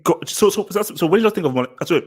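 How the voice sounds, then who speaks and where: On his vlog, a man shares casual opinions emphatically in a high, husky voice, talking very fast with lively intonation. He often repeats phrases and starts sentences over.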